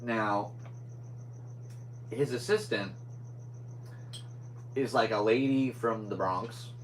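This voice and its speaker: A young man talks his way through a casual solo podcast, drifting from one thought to the next. His voice sits on the low side. A faint hum runs quietly behind him. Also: slow, low-quality recording. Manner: rambling, scatterbrained. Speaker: podcast host.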